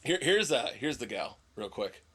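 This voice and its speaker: A man's voice: mid-range voice, very animated, normal speed, sharp tone. A man co-hosting a casual podcast chat, joking as he reads out news stories. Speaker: podcast co-host.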